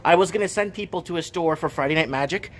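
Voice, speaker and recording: A fairly high-voiced man in his thirties vents to his camera from his half-finished shop. He rambles, circles back and repeats himself in an exasperated, casual vlog rant. A faint hum of noise sits behind him. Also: quick pace, fairly bright tone. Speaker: vlogger and shop owner. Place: shop under renovation.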